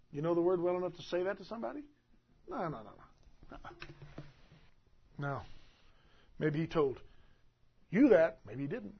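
A man preaching a sermon as pastor, emphatic and swinging between loud and soft delivery. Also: high voice, very animated, moderate pace, pauses often, slightly rough, dull audio.

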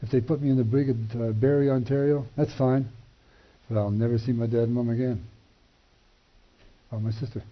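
An older man telling a personal testimony, acting out the dialogue with animated shifts in voice and chuckling between lines. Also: mid-range voice, moderate pace. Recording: dull lo-fi recording.

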